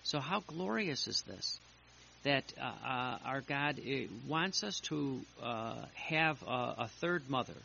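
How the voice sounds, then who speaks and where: Male preacher, earnest and halting, gravelly bright voice. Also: medium pitch, lively intonation. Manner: earnest, halting, with many fillers and restarts. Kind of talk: sermon reading and explaining devotional texts. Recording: lo-fi with faint hiss.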